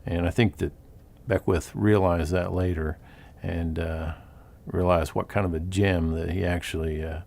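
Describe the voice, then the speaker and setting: A man in an interview quickly recounting a story about a comrade. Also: low-pitched, steady tone, vocal fry, a little mellow. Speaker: interviewee, former soldier.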